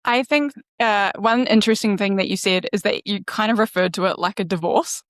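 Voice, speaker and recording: Woman, podcast host, measured interviewer, mid pitch, dry sound. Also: dry recording. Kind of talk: interview questions.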